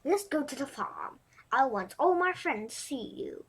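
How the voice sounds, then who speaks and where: A woman's voice: expressive, a bit bright. A woman with a Vietnamese accent voicing a proud, fussy mother duck in a storybook reading, exclaiming in a raised voice. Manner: high, exclaiming, drawn-out lines.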